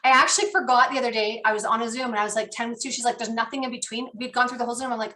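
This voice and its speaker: A woman trainer on a team call, talking with an excited, animated storytelling manner. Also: on the high side, rapid-fire, hardly any pauses. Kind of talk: enthusiastic coaching chat.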